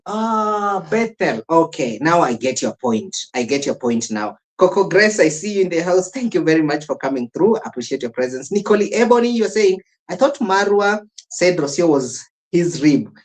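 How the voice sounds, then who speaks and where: A host reacting live to a clip, laughing between remarks and talking straight to the viewers in a loose, chatty way. The voice sits at a middle pitch for the speaker. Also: animated, moderate pace. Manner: chuckles often, talks to chat. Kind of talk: live-stream reaction commentary.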